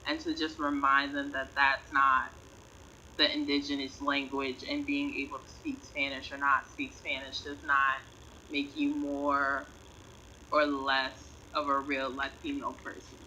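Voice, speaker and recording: A woman reads a prepared presentation slowly and earnestly. Her voice is very bright and forceful. The recording sounds dull and lo-fi, with a faint hiss. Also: extremely low pitch, little pitch movement. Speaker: student presenter.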